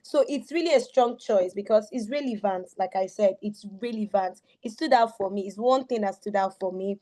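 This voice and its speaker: Effusive woman coach with a mellow voice. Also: medium pitch, normal speed. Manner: effusive, repeats phrases for emphasis. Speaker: teens coach giving a book review. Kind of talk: enthusiastic spoken book review.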